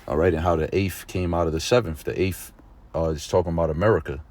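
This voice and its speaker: Speaking fast in a low voice, a man teaches an informal religious lesson in a conversational preaching style. He regularly checks in with his listeners and now and then turns excited and emphatic.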